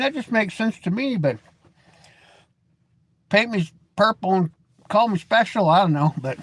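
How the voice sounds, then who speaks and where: Sounding high and a bit bright with no echo, this middle-aged livestream host wanders through loose, rambling talk. He rants in a folksy, opinionated way.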